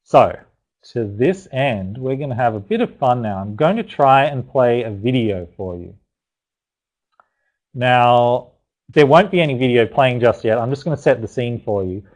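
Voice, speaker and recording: A man's voice: medium pitch, lively intonation, normal speed, darkish tone, rough recording. A man presenting a live parenting webinar, chatty and encouraging, talking loosely with restarts and asides to his audience. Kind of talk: live online teaching webinar.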